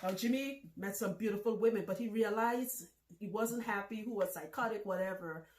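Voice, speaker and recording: A woman in her thirties hosting a casual vlog, talking loudly and bluntly and laughing often. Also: medium pitch, moderate pace, slight background noise. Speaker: vlog host. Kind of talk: casual talk to camera. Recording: echoey room.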